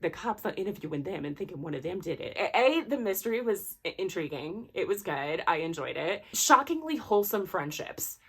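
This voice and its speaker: Chatty woman with a lowish voice. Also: very animated, fairly quick, hardly any pauses, slightly rough. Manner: rambling and chatty, full of "like" and "you know"; self-deprecating and apologetic asides. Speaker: book vlogger. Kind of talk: casual book review chat.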